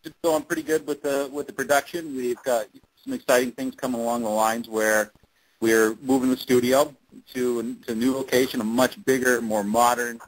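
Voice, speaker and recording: A man's voice: mid-range voice, steady tone, normal speed, low-quality recording. A man being interviewed, telling a long story casually with many fillers and restarts. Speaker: interview guest, fan-series actor.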